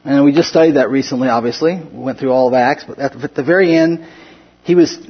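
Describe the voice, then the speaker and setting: A man's voice: mid-range voice, brisk, husky, muffled recording. A man teaching a casual Bible study, talking conversationally with frequent restarts and chuckling asides.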